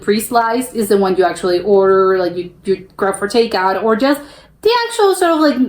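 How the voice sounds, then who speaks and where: Her voice is fairly high and a little mellow: a young adult American woman rambling casually over a reaction video. She restarts sentences and uses plenty of fillers, laughs easily, and the recording has an echoey room sound.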